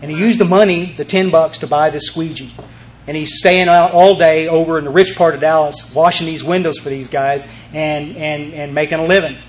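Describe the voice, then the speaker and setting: A man with a high, bright voice speaks at a recovery meeting. He rambles and repeats himself, pressing hard on his points as he works through a story for the group. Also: steady tone, moderate pace. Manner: emphatic, rambling, with repeated words and restarts.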